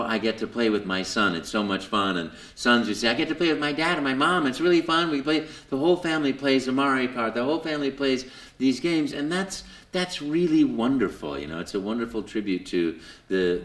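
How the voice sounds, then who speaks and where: A man being interviewed at a convention, telling his story with lots of fillers and jumping into high put-on voices for quotes. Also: echoey room. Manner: lots of fillers and repeated words. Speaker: voice actor guest. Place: convention hall.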